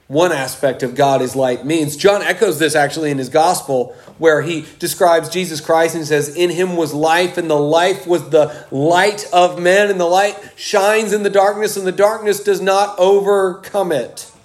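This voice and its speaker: A man preaching a sermon, slow and emphatic, with dramatic pauses. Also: high voice.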